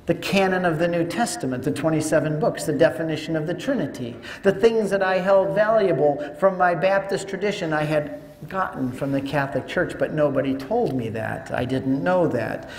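An older man tells a lively story to an audience, his voice pitched high and bright for a man. The sound rings through a large, echoey hall with a long reverb tail. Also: normal speed, a little hiss or hum. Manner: animated storyteller acting out dialogue. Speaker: speaker. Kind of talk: storytelling talk to a live audience.

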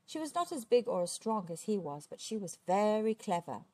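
Woman, storyteller, children's book read aloud, mid pitch, dry close sound. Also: big pitch swings, moderate pace, darkish tone, no room sound.

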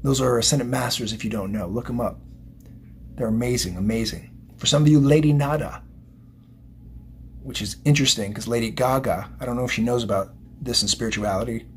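A man's voice: mid-range voice, brisk, slight background noise. A man giving a psychic tarot reading, emotional and motivational, rambling and repeating himself. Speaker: tarot reader.

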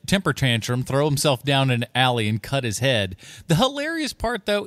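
A man's voice: mid-range voice, a bit bright, dry recording. A man co-hosting a podcast, mocking a film in casual chat and laughing as he talks. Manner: mocking, laughs while talking. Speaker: podcast co-host. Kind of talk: casual movie review chat.

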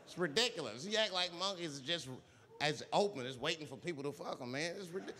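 A man performing stand-up comedy on a theater stage, telling a story in an animated way and acting out the voices of the people in it. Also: fairly high pitch, fast talker. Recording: live theater with long reverb and audience noise. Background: audience laughter.

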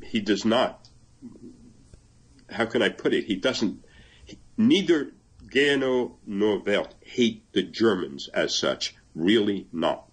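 An older man speaks in a low, husky voice, weighing each word as he explains his choices. He reads passages aloud and breaks into easy laughter now and then. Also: lively intonation, takes it slowly, long pauses. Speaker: translator and guest. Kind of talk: conversational interview.

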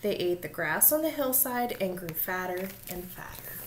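Woman reading a storybook aloud, expressive. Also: on the low side, background noise. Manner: expressive, slowing for dramatic details.

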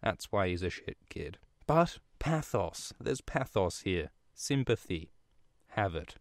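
A man's voice: deep voice, expressive, unhurried, dry recording, studio quality. A man hosting a podcast, retelling a book chapter in an irreverent, sweary comedic style with frequent fillers. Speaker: podcast host.

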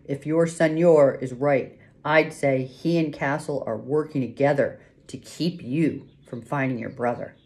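A woman voicing Sam, a terse, wary boatman who gives clipped, hushed orders, in an audiobook. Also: extremely low pitch, steady tone, unhurried.

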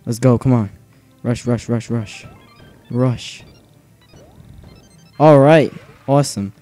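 Slow-talking young man gaming. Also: mid-range voice, faint music behind. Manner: nervous, self-mocking, bursts into yelling. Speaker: gaming channel host. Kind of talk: excited let's play commentary.

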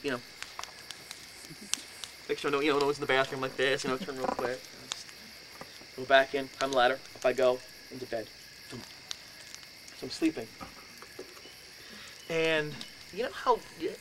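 A middle-aged man telling a story about a haunting to an audience, acting out quotes, dropping to whispers and rising to shouts. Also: mid-range voice, background noise. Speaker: speaker telling a ghost story. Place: indoors, house.

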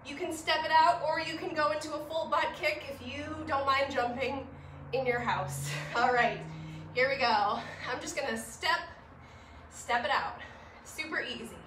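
A woman fitness instructor guiding a gentle home workout, upbeat and encouraging, a little winded, recorded in her living room. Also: high-pitched, slight background noise. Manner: upbeat, encouraging, laughs at herself. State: slightly winded. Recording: echoey room, mic at a distance.

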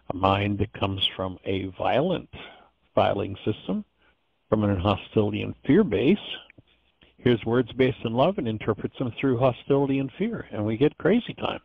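A man's voice: medium pitch, dry recording, highs cut off. A man teaching an informal course lecture, earnest and digressive, often restarting his sentences.

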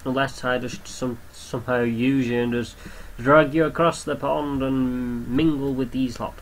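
A man's voice: medium pitch, fairly even intonation, unhurried, a little hiss or hum, poor audio. Chatty young man commenting on a game. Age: young adult. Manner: chatty, talks to the creatures on screen, swears casually. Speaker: gameplay commentator. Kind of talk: casual gameplay commentary.

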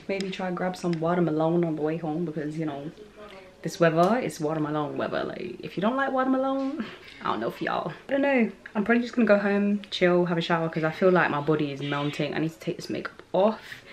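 A woman's voice: lowish voice, animated, fairly quick, slight background noise, rough recording. A young woman with a London accent vlogging casually on a city street, chatty and slangy, laughing often. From London, England. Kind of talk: casual vlog chat.

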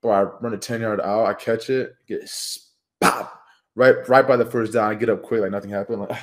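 Lowish-voiced young man, slangy podcast chat. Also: quick pace. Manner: relaxed, slangy, profane storytelling. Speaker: podcast co-host. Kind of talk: casual chat.

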